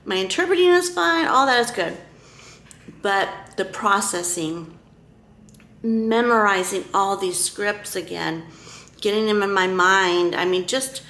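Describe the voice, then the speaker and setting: A woman talking casually to camera in a vlog, halting, with many fillers and restarts. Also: mid-range voice, fairly bright tone. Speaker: vlogger. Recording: echoey room with faint noise.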